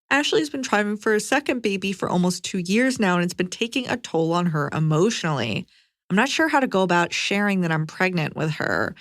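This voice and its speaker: A woman's voice: mid-range voice, fairly bright tone, no room sound. Agreeable woman co-host, dry mic. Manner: agreeable, encouraging. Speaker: podcast co-host. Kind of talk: casual chat and reading a listener letter.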